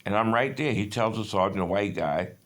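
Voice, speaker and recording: Slightly fast and a bit bright, this man's voice sits on the low side. He's in his fifties, swearing and worked up as his monologue digresses between stories.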